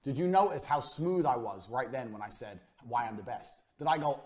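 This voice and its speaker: A man lecturing on business with swaggering, emphatic confidence, in clipped, punchy sentences peppered with casual swearing. His voice sits at an ordinary male pitch and tends to drop quiet as each phrase ends. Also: lively intonation, normal speed, hardly any pauses. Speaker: course instructor. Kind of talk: blunt motivational business lecture.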